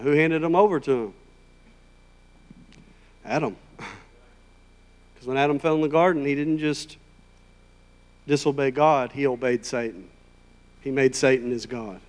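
A man preaching a sermon in a conversational, emphatic way, rising to loud, high peaks. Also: unhurried, pauses often. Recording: long hall reverb.

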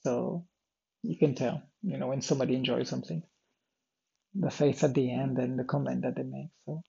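A man's voice: medium pitch, steady tone, normal speed, creaky, dark tone, breathy edge, muffled recording. A tired, yawning man talking through his day in a rambling diary style, full of fillers and restarts. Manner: meandering, many fillers and restarts, drifts off topic. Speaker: vlogger recording a daily audio diary. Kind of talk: rambling personal diary talk.

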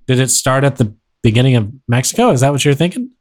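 A man co-hosting a podcast, teasing and laid-back, with quick quips in casual banter. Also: mid-range voice, big pitch swings, a little mellow, a little hiss or hum. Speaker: podcast co-host.

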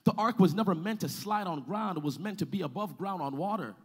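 A man with a notably high voice preaches a sermon as pastor. He drops low and quiet, then climbs into shouted, sing-song refrains, calling on the congregation to answer back. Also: fairly quick, slightly rough.

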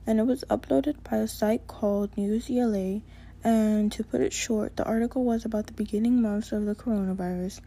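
A woman's voice: mid-range voice, dark tone. A woman giving a prepared student presentation, reading steadily and earnestly, with a casual filler now and then.

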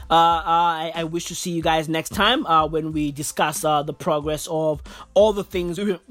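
A woman's voice: on the low side, fairly bright tone, voice pushed down, natural voice. Woman doing a stumbling celebrity politician. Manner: halting, full of ums and uhs, repeats a film catchphrase. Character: celebrity politician closing a press conference.

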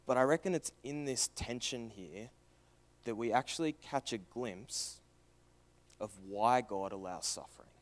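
A young man delivering a sermon with an earnest, searching tone. He asks question after question, then lets his voice drop low and soft for the tender parts. His pitch sits in a plain middle range for a man. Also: measured pace. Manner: earnest, questioning, swings from loud to hushed. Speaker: preacher.

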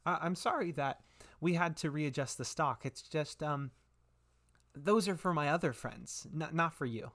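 A man's voice: on the high side, moderate pace, fairly bright tone. A man voicing a small, eager girl who runs a shop, bubbly and stammering. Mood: flustered chirpy. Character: small cheerful girl shopkeeper, nervous and eager.

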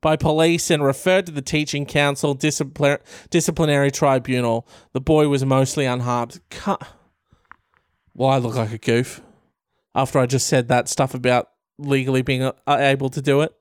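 A man reading and joking through a news article in comic commentary, animated and profane. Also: medium pitch, normal speed, clean tone, no room sound, studio quality.

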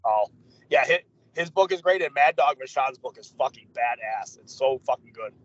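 A man co-hosting a podcast in casual chat, swearing constantly and ranting in animated mock quotes. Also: mid-range voice, normal speed, highs cut off. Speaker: podcast co-host.

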